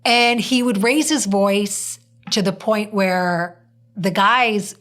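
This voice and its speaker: A woman hosts a casual podcast conversation in a mid-range voice. She tells her story in a lively, animated way, slipping into the voices of the people she quotes. Her delivery is chatty and natural. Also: medium pitch, takes it slowly. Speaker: podcast host.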